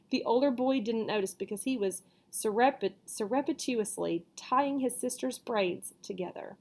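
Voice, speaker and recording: A woman reading a storybook chapter aloud, with casual asides and quick self-corrections. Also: fairly high pitch, a little mellow. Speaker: reader.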